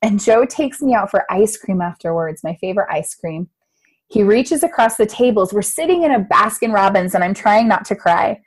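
Animated woman telling her life story. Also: normal speed, husky. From United States. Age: 30s. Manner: animated, acts out her own past voice with big pitch jumps. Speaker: guest. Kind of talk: casual personal interview storytelling.

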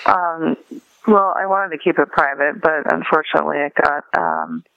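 A woman author being interviewed over a phone line, hesitant and soft, with many fillers. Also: low-pitched, normal speed, vocal fry, dry recording. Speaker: author and guest.

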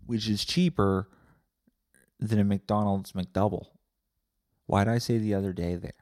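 A man's voice: lowish voice, steady tone, measured pace, darkish tone, dry recording, studio quality. A man hosting a solo podcast, rambling and ranting sarcastically with lots of swearing and self-interruptions. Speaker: podcast host.

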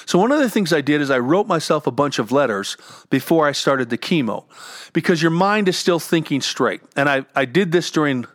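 A man's voice: on the high side, animated, a little fast, no room sound, clean studio sound. A middle-aged man talking candidly at home about getting through illness, earnest and often repeating words as he goes. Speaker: cancer survivor and entrepreneur sharing advice. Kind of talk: candid personal talk. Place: home with dogs.

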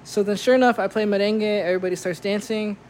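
A man's voice: high-pitched, steady tone, quick pace, darkish tone. Dj guy telling a story, super slangy, "like" every other word, light noise in the background. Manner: slangy, says "like" a lot. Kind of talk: casual storytelling.

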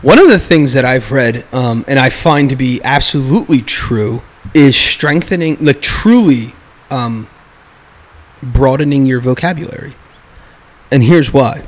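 A man in casual conversation, talking in an animated way, restarting his sentences and acting out what other people say. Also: medium pitch, unhurried. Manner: animated, restarts often, acts out quoted speech.

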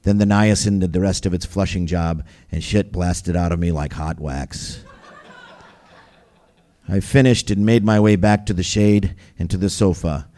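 Low-voiced man reading a wild memoir. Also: measured pace, dark tone. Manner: vivid, wry, gritty storytelling. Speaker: storyteller. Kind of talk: first-person memoir reading.

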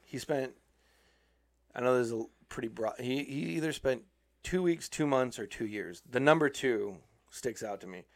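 A man's voice: medium pitch, normal speed. A man in casual chat, telling a story and acting out the people in it. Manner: animated storytelling, acting out quoted voices.

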